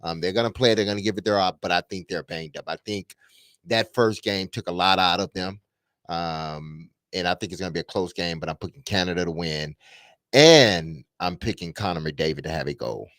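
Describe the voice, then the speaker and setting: Brash, low-voiced sports talk man. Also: fairly quick, fairly bright tone, no room sound, studio quality. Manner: brash, emphatic, joking.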